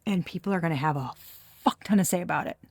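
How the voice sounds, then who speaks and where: A woman's voice: on the low side, quick pace, a little mellow, dry recording. A woman giving a casual tarot reading, blunt and profane, breaking into laughter. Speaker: tarot reader.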